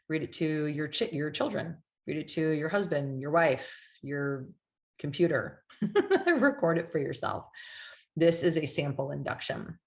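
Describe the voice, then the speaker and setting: Low-voiced woman coaching hypnosis. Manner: chatty, with fillers like "like" and "right?"; acts out clients and soothing hypnotist lines. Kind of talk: casual teaching talk.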